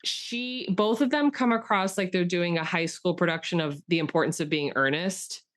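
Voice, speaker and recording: A woman co-hosting a casual podcast, chatty and enthusiastic, in a slightly low voice. She rambles through her points with frequent fillers and quick self-corrections. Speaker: podcast co-host. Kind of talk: casual film discussion chat.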